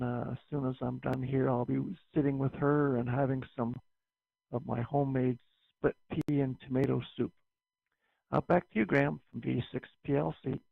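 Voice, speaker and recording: A man's voice: mid-range voice, vocal fry, husky, no room sound. A man from Canada calling into a ham radio net, making easygoing small talk. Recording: tinny, dry radio link.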